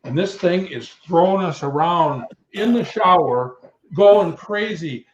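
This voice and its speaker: A man in his sixties, a retired wrestler guest, telling rambling, animated road stories and acting out what others said. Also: high voice, slow, a little hiss or hum. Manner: rambling, animated storyteller who acts out quotes. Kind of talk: anecdotal storytelling. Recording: echoey, dull remote call audio.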